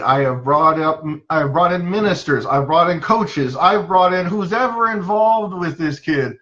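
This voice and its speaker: A man with a fairly high, bright, forceful voice tells stories from his practice as a psychologist in a loose, anecdotal way. He acts out the people he quotes and uses plenty of "um" and "uh" between thoughts. The recording sounds dull and a bit lo-fi. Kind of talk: casual storytelling talk.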